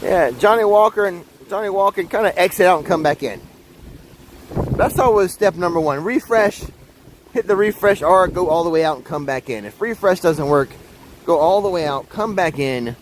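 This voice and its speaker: A man's voice: sits high, expressive, normal speed. A man with a slightly raised voice chats to his live-stream viewers as he wanders an outdoor park. His talk rambles from one aside to the next. A faint rush of wind and water sits behind him. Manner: rambling, chatty, talks straight to viewers. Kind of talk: casual live-stream chat. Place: outdoors in a theme park, by a fountain. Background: wind and splashing water.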